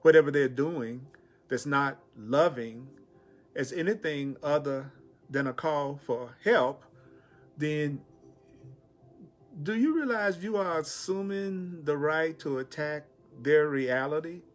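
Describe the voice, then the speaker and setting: A man's voice: fairly high pitch, animated, slow pace, faint music behind. A middle-aged man giving a spiritual teaching talk, repeating key phrases with emphasis. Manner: repetitive, emphatic, pleading voice for quotes.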